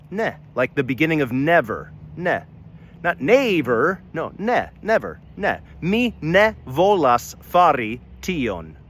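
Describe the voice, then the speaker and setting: A man delivers a quick scripted language lesson, his voice sitting a little high. He speaks with upbeat emphasis and firmly corrects common mistakes. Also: a bit bright. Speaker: language teacher.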